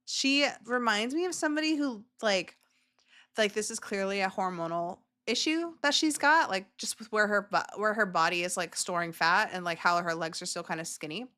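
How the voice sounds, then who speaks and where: A woman's voice: mid-range voice, moderate pace, bright, forceful tone. A woman hosting a casual reaction video who gushes emotionally over clips, with many filler words.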